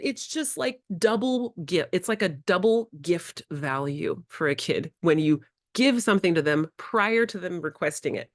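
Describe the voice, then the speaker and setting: A woman presenting a workshop to educators, animated and acting out conversations with children. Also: low voice, normal speed, no echo, clean studio sound. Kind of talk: workshop lecture. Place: in-person workshop.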